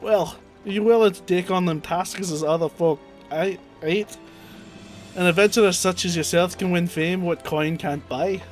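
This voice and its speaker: A man's voice: high-pitched, normal speed, soft background music, close to an everyday voice. A man voicing a chatty old male peddler in a wavering put-on Scottish accent, reading game dialogue in a folksy, rambling way.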